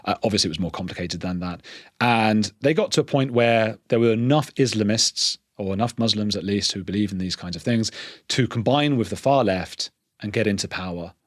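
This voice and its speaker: An English man, a podcast guest, talking in a quick, earnest way and restarting his sentences often. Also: fairly low pitch, no room sound, clean studio sound. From England. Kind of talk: conversational interview.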